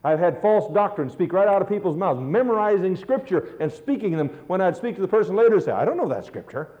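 A man's voice: high voice, very animated, a little fast. A middle-aged man preaching a sermon, telling stories with earnest, rising emphasis. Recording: dull lo-fi recording.

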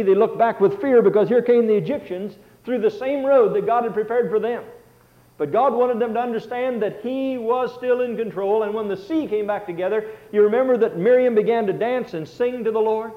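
A man preaching a sermon in a high voice, swinging from loud, ringing passages to quiet, hushed ones. The sound is thin and tinny, like it is coming down a phone line. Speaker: pastor.

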